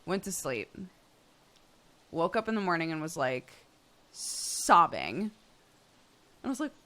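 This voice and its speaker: A woman in her thirties streaming from home, her bright, forceful voice swinging widely in pitch as she tells chat a story. She sounds exasperated and animated, breaking into laughter. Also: unhurried. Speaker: streamer host.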